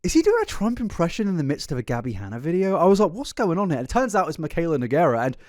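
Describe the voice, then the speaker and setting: A man hosting an internet commentary video, animated, laughing often, stumbling over restarts. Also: fairly high pitch, racing. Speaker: commentary host. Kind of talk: commentary narration.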